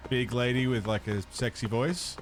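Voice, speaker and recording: A man's voice: mid-range voice, fairly even intonation, normal speed. A man streaming a video game, chatting casually with viewers, laid-back and swearing freely. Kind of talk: casual let's-play chat.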